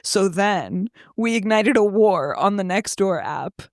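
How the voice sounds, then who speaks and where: Young woman podcast co-host, lively pitch, dry close sound, swears while telling stories. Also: takes it slowly, dry recording. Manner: animated, swears freely, acts out quoted voices. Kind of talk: casual chat, storytelling.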